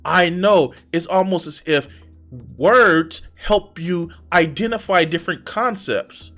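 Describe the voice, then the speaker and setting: A man's voice: high voice, slow pace, fairly bright tone, faint music behind. A man hosting a reaction commentary, exasperated and profane, who stammers and restarts his sentences. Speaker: reaction video host.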